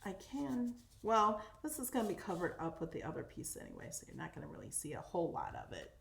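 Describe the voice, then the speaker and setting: A woman hosting a casual craft tutorial, chatty and excitable as she talks through each step while working. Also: fairly low pitch, fast, vocal fry. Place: craft room at home. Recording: echoey room, faint noise.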